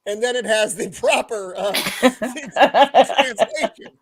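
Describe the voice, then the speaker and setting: A man's voice: very high-pitched, slow. An American man hosting a casual video-call panel chat, giggling and incredulous as he reads out odd slang.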